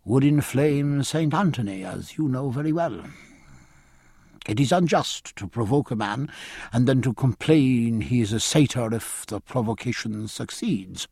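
Man playing a wry calm gentleman, husky voice, deeper and measured, dry close sound. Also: no room sound, full character voice. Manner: measured, wry, lower-pitched delivery. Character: measured, dry-witted grown man, a reasoning friend. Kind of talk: audiobook character voice.

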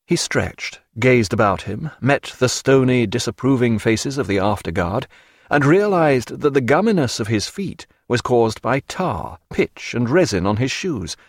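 A man reads a novel aloud in a measured, expressive way. His pitch moves a lot across each line. The recording is dry and close. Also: no echo. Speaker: narrator. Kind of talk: audiobook narration.

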